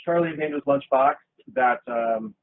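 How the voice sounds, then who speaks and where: A man's voice: mid-range voice, unhurried. A man hosting a casual interview, reacting with short, upbeat, joking remarks. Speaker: host. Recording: tinny lo-fi line with faint noise.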